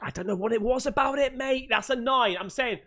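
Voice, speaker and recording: Excitable man reacting to scary clips. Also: very high voice, brisk, slight background noise. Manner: excitable, swearing, loud exclamations. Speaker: video reaction host.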